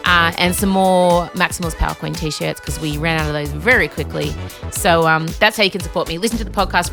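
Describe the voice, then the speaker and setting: A woman hosting a podcast, talking in animated, ranty bursts full of swearing and quick asides. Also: fairly low pitch. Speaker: podcast host. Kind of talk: casual chat.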